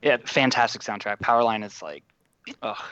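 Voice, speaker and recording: A man's voice: fairly low pitch, moderate pace, a bit bright, clean tone, dry recording, dull audio. A man from Boston, a trivia contestant chatting with upbeat enthusiasm. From Boston, Massachusetts. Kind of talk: casual chat on a call.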